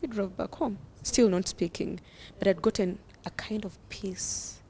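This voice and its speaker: A woman's voice: mid-range voice, measured pace, warm tone, slight background noise. A young woman, a guest telling her own story earnestly and often laughing through it. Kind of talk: personal storytelling.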